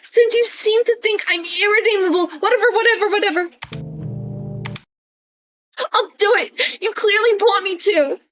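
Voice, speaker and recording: A woman doing a high whiny guy, sobbing, self-pitying, pleading, dull lo-fi sound. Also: normal speed, pauses often, fairly bright tone, faint music behind. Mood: bitter. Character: whiny pleading manipulative young man.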